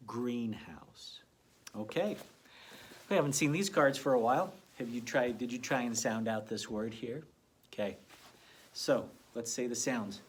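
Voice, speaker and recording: Sounding out letters slowly and deliberately, a male teacher with a medium pitch gives children a gentle, encouraging early reading phonics lesson.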